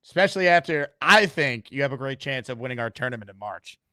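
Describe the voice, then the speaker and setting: Male call-in host, bright forceful voice, dry close sound, likes to tease. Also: medium pitch, lively intonation, fast talker, no echo. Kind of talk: live call-in show.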